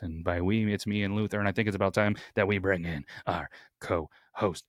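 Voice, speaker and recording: A man hosting a podcast, talking in an excitable, rambling and self-aware way. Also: deep voice, a little fast, dry recording, studio quality. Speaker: podcast host. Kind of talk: casual podcast chat.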